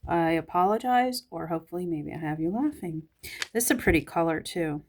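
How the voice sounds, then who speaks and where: A woman's voice: lowish voice, animated, brisk, slight background noise. A woman with a Southern US accent, casually flipping through a magazine and giving a musing commentary as she thinks aloud. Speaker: magazine reviewer.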